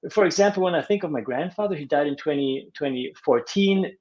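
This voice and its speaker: A man's voice: on the high side, brisk, darkish tone, muffled recording. A man who works as a relationship coach, talking earnestly and reflectively in a podcast interview and repeating words as he thinks.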